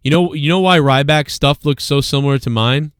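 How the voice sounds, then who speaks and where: A man's voice: a little high, fairly quick, smooth, no room sound, clean studio sound. A man hosting a live show, ranting casually and swearing often as he rambles. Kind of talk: casual live-stream rant.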